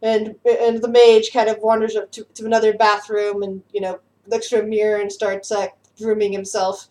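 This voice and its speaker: A young woman narrating as game master for a tabletop game, pausing and repeating words as she describes scenes. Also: mid-range voice, little pitch movement, mellow.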